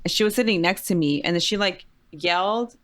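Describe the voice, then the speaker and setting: A woman's voice: lowish voice, a little fast, fairly bright tone. A woman co-hosting a podcast, telling stories in a laid-back, dry way and mixing in Spanish. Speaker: podcast co-host. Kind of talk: casual chat.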